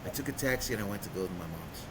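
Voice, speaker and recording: A man earnestly telling his personal story of recovery in a conversation, going quiet at the heavy parts. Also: animated, rapid-fire. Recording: vehicle rumble behind.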